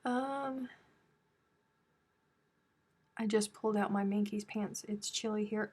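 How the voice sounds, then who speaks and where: A woman's voice: medium pitch, steady tone, moderate pace, few pauses, darkish tone, breathy edge. A woman hosting a crochet live stream from home, chatting casually and teasing her viewers. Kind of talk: casual chat reading viewer comments.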